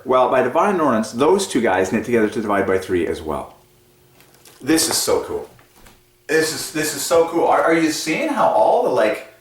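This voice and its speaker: A man hosting a casual explanatory monologue in a playful, animated way, often chuckling at his own asides. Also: mid-range voice. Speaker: channel host presenting number patterns. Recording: echoey room, mic set at a distance.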